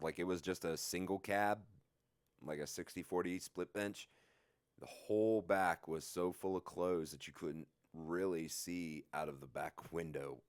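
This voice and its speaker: A man's voice: deep voice, dry recording, clean studio sound. A young man casually telling a story about himself, swearing often and laughing at himself. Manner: profane, rambling, laughs at himself. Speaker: vlogger.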